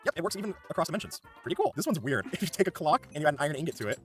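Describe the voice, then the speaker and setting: A man's voice: on the high side, very animated, fairly bright tone, soft background music. A man hosting a game mod showcase, chatting and joking with friends and laughing often. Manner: rapid, jokey, laughs often. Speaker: Minecraft mod showcase host. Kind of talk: excited gaming chat with friends.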